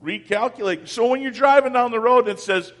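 A man preaching a sermon as pastor, swinging from loud calls down to near-whispers. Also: extremely high pitch, fast talker, long reverb tail.

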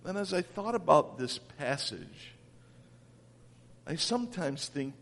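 Slow, high-voiced preacher in a hall. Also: male voice, big pitch swings, gravelly. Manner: dramatic swings from loud calls to near-whispers. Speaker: pastor. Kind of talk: sermon.

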